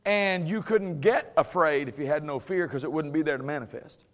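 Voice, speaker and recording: High-voiced man preaching with chuckles. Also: moderate pace. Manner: chuckles often, playful sarcasm, emphatic. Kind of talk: conversational Bible teaching.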